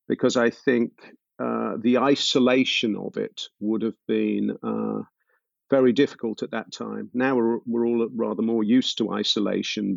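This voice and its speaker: Raspy guy musing slowly in an interview, lots of ums, muffled dry sound. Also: mid-range voice, no room sound. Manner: thoughtful, pauses with fillers. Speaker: musician guest. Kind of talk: relaxed interview storytelling.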